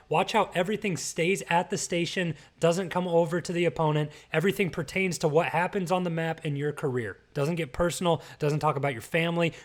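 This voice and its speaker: A man hosting a podcast, delivering an emphatic, lecturing rant in casual commentary style. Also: a little high. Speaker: podcast host.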